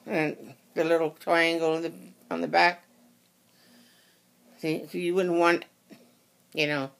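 Craft tutorial host, casual and rambling, apologetic, unhurried pace, bright tense tone. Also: medium pitch, flat delivery, creaky. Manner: rambling, self-correcting, apologetic. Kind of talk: casual how-to demonstration.

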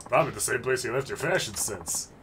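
A man voicing a crude, mocking street thug who taunts loudly, with game music behind. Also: medium pitch, animated, fast talker, background noise, natural voice. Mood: taunting. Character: brash mocking young male street thug.

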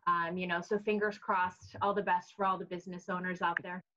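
A woman's voice: on the low side, level tone, fairly quick, fairly bright tone, highs cut off. A woman hosting a TV show segment, chatty and bubbly with a self-joking manner. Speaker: TV news show host. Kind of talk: casual live TV interview.

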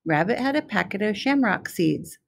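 A woman, a preschool specialist, reading a picture book aloud to young children in a slow, clear storytelling manner. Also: mid-range voice, expressive.

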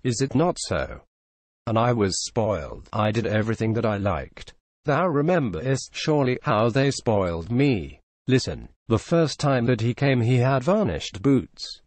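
A man's voice: medium pitch, very animated, a little mellow, no echo. A man reading as a frightened dying young woman. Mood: pleading. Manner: halting, broken pleading.

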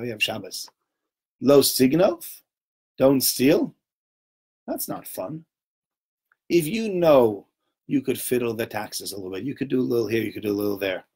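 A man giving an informal Torah talk to a small group, conversational and animated, often checking in with "right?" and acting out little voices. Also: medium pitch, slightly rough. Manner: acts out little voices and sounds while telling stories.

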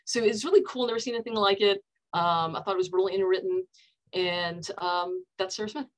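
A woman's voice: medium pitch, a little fast, low-quality recording. A woman counselor with an American accent, giving a casual book talk over a video call, chatty and full of fillers and restarts.

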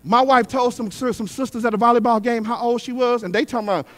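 A middle-aged man preaching a sermon. He repeats his lines in a call-and-response rhythm and swings between shouted peaks and quick, hushed asides. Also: very high-pitched, fairly even intonation. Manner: repetitive call-and-response cadence. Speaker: guest preacher.

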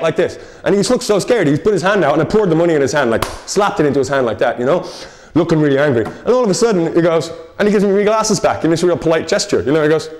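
A man co-presenting a local TV show, rambling through a self-mocking comic story. He talks at a breakneck pace, and his pitch swoops widely from high to low. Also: animated, rapid-fire, a little mellow.

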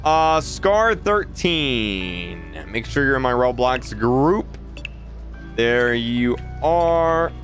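A young Australian man hosting a relaxed gaming stream, chatting as he plays and reading chat messages aloud in a mid-pitched voice. Game music plays clearly underneath him. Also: extremely slow.

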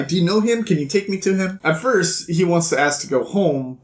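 Chatty sarcastic man in echoey room. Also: medium pitch. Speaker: book vlog host. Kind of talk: casual book recap.

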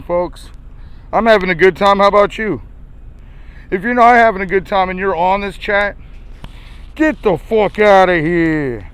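This livestream host has a high, somewhat bright voice with a clean tone. Broadcasting from a city sidewalk, he rambles in a crude, joking, profane way, his breathing labored behind a face mask.

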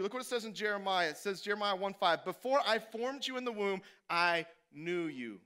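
Male pastor, high voice, smooth and clear, animated sermon, loud then hushed. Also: a little fast, hardly any pauses. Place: church.

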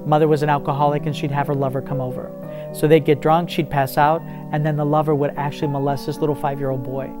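A man's voice: on the high side, level tone, quick pace, music in the background. Earnest man telling a faith story. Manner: earnest, acts out dialogue with rising intensity. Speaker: ministry guest telling a testimony.

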